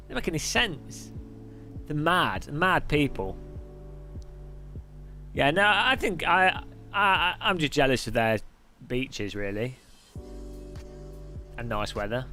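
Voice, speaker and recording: A man's voice: a little high, bright, forceful tone. A man chatting casually on a live sim racing stream, reading viewers' messages aloud and laughing often.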